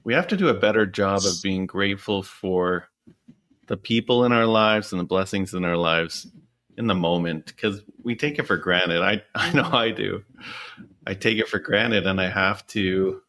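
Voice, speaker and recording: A male podcast co-host with a fairly low voice reflects on what he has heard. He talks thoughtfully and haltingly, and often starts his sentences over. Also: fairly bright tone. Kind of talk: reflective interview talk.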